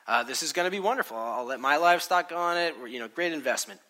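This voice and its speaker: A man's voice: on the high side, animated, quick pace, pushed and bright. A man in his thirties voicing a smug rich man gloating over a good deal, in an eager, self-satisfied way.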